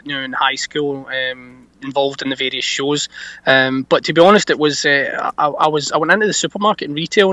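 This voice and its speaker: A Scottish man talks as an actor guest, spinning anecdotes with chatty, animated energy. His voice sits a touch high and comes across bright and forceful. The sound is close and dry. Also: no echo. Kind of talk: casual anecdote-telling interview.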